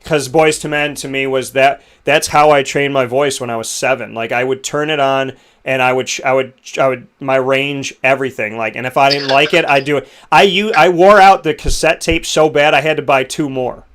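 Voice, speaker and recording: A young man hosting a casual interview, telling stories in an animated, emotional way. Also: mid-range voice, a little fast, few pauses. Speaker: podcast host.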